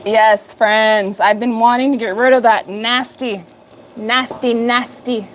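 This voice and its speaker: Slow-talking upbeat woman in her fifties. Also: on the high side, steady tone, fairly bright tone, slight background noise. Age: 50s. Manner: chatty, upbeat, talks to viewers by name. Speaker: livestream host. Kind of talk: casual live chat while working.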